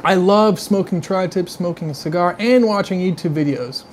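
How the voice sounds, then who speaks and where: Here a man runs an easygoing live stream, tasting things and pouring out excited reactions to flavors and aromas while drifting into casual chatter with viewers. His voice sits high and moves at a normal speed. There's a little hiss or hum on the audio.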